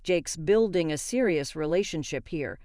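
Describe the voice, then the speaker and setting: A woman's voice: low voice, animated, moderate pace, mellow, no room sound, clean studio sound. A woman voicing a middle-aged mother who brushes off complaints in a firm, dismissive way.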